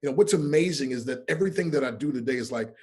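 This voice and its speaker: A man, a podcast guest who coaches people, telling personal stories in an interview. He swings between hushed and emphatic and acts out the voices of people in his stories. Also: medium pitch, expressive, very fast. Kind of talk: emotional storytelling in an interview.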